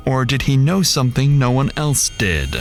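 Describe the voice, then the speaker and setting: A man's voice: medium pitch, expressive, moderate pace. Dramatic male true crime narrator. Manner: dramatic, suspense-building. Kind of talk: scripted narration. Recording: narration over loud music.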